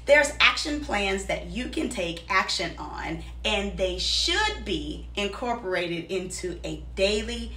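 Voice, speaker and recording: A woman's voice: mid-range voice, big pitch swings, slow pace, hardly any pauses, bright, forceful tone, reverberant, distant mic. A woman host reading a scripted, encouraging promotional message. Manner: encouraging, motivational. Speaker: show host.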